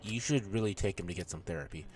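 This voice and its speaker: A man's voice: low-pitched, fast talker, noisy background. A man playing a video game and joking through it, swearing and talking back at the characters. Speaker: gamer. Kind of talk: let's play commentary.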